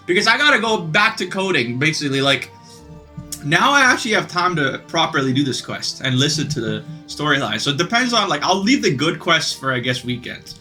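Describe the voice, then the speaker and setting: A young man giving casual, excitable gameplay commentary, chatty and swearing, calling his viewers bro. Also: on the high side, fairly quick, soft background music. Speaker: gaming video creator.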